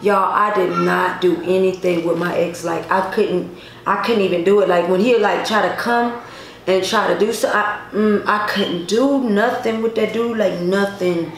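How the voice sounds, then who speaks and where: A woman's voice: medium pitch, fairly even intonation, normal speed. Emphatic woman telling a story, echoey room. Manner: repetitive, emphatic, addresses viewers directly. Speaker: vlogger. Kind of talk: casual storytelling to viewers. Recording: echoey room, faint noise.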